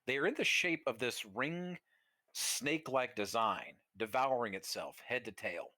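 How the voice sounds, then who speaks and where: A man's voice: mid-range voice, animated, a little slow, pushed and bright, no room sound, studio quality. A man running a tabletop game as game master, describing scenes vividly with casual fillers.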